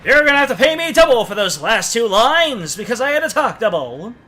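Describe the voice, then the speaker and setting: A man's voice: extremely high pitch, very animated, fairly quick, sharp tone, soft background music. A man streaming a game, chatting casually and joking while sometimes reading the game's text aloud in a put-on newscaster voice. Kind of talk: casual let's-play commentary.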